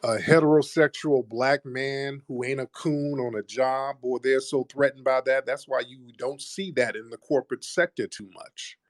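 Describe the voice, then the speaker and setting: A man's voice: medium pitch, fairly even intonation, normal speed, few pauses, dry recording, clean studio sound. Blunt, confrontational talk-show host man. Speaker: host of a live call-in show. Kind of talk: heated casual talk.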